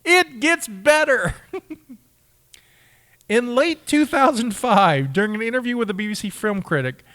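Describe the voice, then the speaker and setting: A man's voice: very high-pitched, expressive, slow pace, pushed and bright, no room sound, studio quality. A man co-hosting a podcast, reading out trivia with eager stumbles and laughs in casual chat. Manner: enthusiastic, reads facts aloud with stumbles and laughs. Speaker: podcast co-host.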